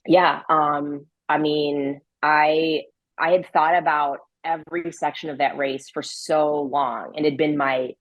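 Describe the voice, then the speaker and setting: Interview guest: woman, low voice, chatty, filler-heavy, laughs easily, dry close sound. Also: steady tone, slow pace, no room sound, dull audio. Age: adult with a grown daughter. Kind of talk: casual podcast interview.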